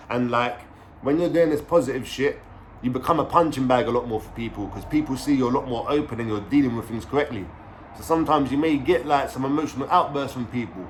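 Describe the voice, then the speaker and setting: A man's voice: mid-range voice, fast, slight background noise. A young man with a London street accent telling a story to camera in casual slang, swearing and checking in with "you know what I'm saying?". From London, England. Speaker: vlogger.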